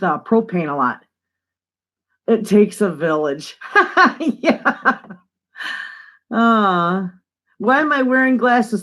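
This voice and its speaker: An older woman from northern Michigan, chatting casually on a homestead live stream, greeting viewers and reading their comments aloud. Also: on the high side. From northern Michigan, USA. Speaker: homestead channel host. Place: home, away from the living room.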